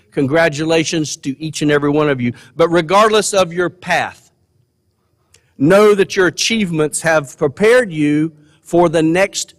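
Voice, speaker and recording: An older man giving a folksy, earnest commencement speech, repeating words for emphasis. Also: fairly high pitch. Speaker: commencement speaker. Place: large college gymnasium. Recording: long hall reverb.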